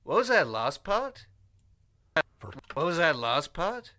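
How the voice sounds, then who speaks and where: A man voicing a bright, wide-eyed noob gamer. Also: on the high side, very animated, slow pace, pitched above the performer's own voice, heavily acted. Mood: confused. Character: clueless young male noob gamer, awestruck. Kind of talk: video game voice acting takes.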